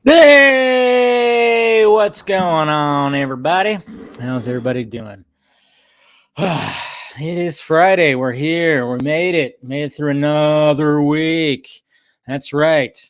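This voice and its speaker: A man's voice: a little high, slow pace. Rambling man hosting a casual stream. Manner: loose and rambling, greets chat viewers by name. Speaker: host of a live drinking stream. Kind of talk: casual live-stream chat. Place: home room with a pub table.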